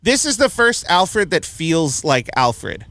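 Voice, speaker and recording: A man's voice: fairly high pitch, big pitch swings, slow pace, pushed and bright, no echo. A man hosting a casual film review chat, blunt and opinionated, often laughing at his own points. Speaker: podcast host reviewing a film.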